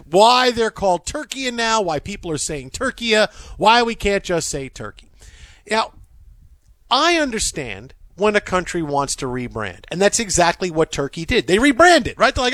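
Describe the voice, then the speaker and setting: A man hosting a sports radio show in a studio, talking in animated banter and laughing often. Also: high-pitched, moderate pace, no echo. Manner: animated, laughs often, acts out quoted voices.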